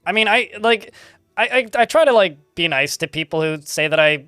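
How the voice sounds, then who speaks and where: A man's voice: high-pitched, expressive, moderate pace, sharp tone, clean tone, no room sound, soft background music. A man chatting casually while livestreaming a game, rambling with lots of filler words. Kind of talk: casual live gameplay chat.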